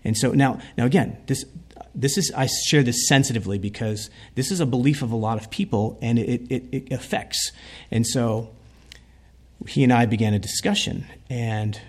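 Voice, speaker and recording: A man's voice: mid-range voice, moderate pace, husky. A man telling a heartfelt story in a sermon, speaking earnestly as a preacher.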